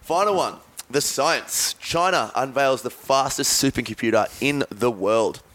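A man's voice: medium pitch, unhurried, a bit bright, a little hiss or hum. A man hosting a podcast, reading out odd news items and joking along in casual banter. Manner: wry, jokey delivery. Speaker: podcast host.

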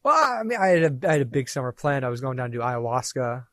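Animated man telling a story casually. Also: medium pitch, fast talker. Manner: animated, swearing, acts out quoted lines. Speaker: podcast guest.

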